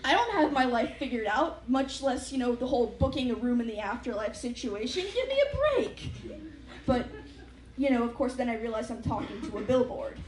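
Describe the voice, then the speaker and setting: A woman's voice: fairly high pitch, a little fast. Wry young woman doing stand-up. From United States. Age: young adult. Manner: wry, self-deprecating, chatty with many fillers. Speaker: student stand-up comic. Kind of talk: stand-up comedy set. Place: large hall with a live audience. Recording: echoey hall, noisy live mic.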